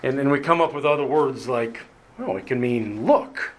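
A man preaching a sermon, emphatic and deliberate, leaning hard on key words and pausing for effect. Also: medium pitch. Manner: emphatic, repeats words for emphasis, slow deliberate delivery with dramatic pauses. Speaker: pastor.

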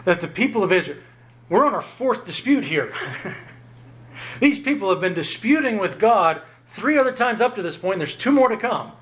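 A man preaching a sermon, emphatic and lively, often jumping up in pitch to drive home a point. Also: normal speed. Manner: emphatic, rises sharply in pitch to stress points. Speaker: pastor.

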